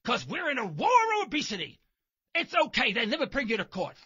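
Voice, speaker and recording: A man's voice: very high voice, wildly swooping pitch, brisk, sharp tone, slightly rough, lo-fi sound. A man hosting a talk radio show, delivering a sarcastic, mocking monologue from his car while driving. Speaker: radio host.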